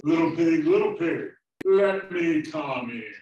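A man voicing a demanding big bad wolf in a children's story, drawing out his threats slowly and loudly. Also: a little high, lively intonation, dull audio, pitched above the performer's own voice. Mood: menacing. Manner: slow, loud, drawn-out threats. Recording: roomy, from far off.

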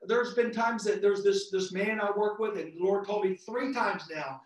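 A man, a visiting lay preacher, giving a fervent sermon in a church, his voice jumping into excited high outbursts. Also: moderate pace, hardly any pauses. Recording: very echoey church from far off.

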